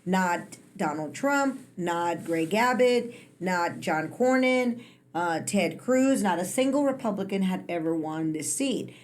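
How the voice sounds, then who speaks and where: A woman's voice: fairly low pitch, lively intonation, slow pace. A woman from Texas co-hosting a podcast, talking casually and stressing her points for the listeners. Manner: emphatic, builds up lists for the listeners. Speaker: podcast co-host.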